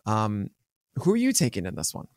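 A man's voice: lowish voice, wildly swooping pitch, no room sound. Chatty rambling man, dry sound. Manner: rambling, self-correcting, quick to joke. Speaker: podcast co-host. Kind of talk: casual chat.

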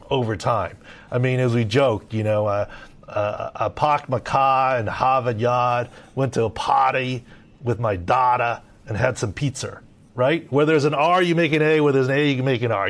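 A middle-aged man from Southern California, giving emphatic podcast injury analysis and leaning on "look" and "right?". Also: medium pitch. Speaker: sports medicine analyst.

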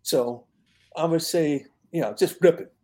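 Mellow-voiced older man telling coaching stories. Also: fairly high pitch, a little slow. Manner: relaxed anecdotal storyteller who laughs at his own tales. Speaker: guest, longtime football receivers coach. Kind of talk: storytelling in an interview.

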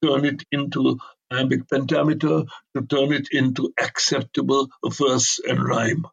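Husky, gravelly older man telling stories. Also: medium pitch, little pitch movement, unhurried, dull audio. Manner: emphatic, digressive storyteller with blunt opinions. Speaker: author being interviewed. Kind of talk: conversational interview.

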